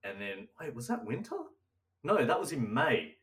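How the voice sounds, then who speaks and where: A man's voice: mid-range voice, very animated, moderate pace, distant mic. A young man co-hosting a casual chat, rambling and laughing often, sometimes slipping into silly old-timey voices. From Australia. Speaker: podcast co-host.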